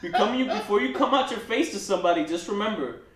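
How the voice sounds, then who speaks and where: Animated, swearing male podcast host. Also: sits high, fast talker, echoey room. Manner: loose storyteller, acts out quotes, swears freely. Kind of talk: casual chat.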